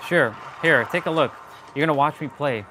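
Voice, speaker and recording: A man's voice: a little high, normal speed, slight background noise, rough recording. A man chatting casually on a live gameplay stream, swearing and joking as he taunts enemies in the game. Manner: playful trash talk at enemies, swearing, joking.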